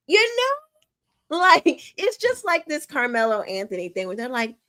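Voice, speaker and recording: A woman's voice: high voice, wildly swooping pitch, unhurried, a bit bright. A woman co-hosting a casual panel podcast, ranting indignantly and quoting others sarcastically. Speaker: podcast co-host.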